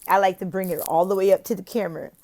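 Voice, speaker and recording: A woman's voice: mid-range voice, steady tone, quick pace, mellow. Brief: woman, casual teaching vlog, playful, laughs a lot, acts out chants. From lives in Oklahoma, not from there. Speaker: online teacher and video host.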